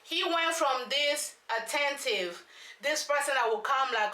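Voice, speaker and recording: A woman, ranting through an animated, slangy recap of a reality show with lots of rhetorical questions. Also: high voice, normal speed. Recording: echoey room.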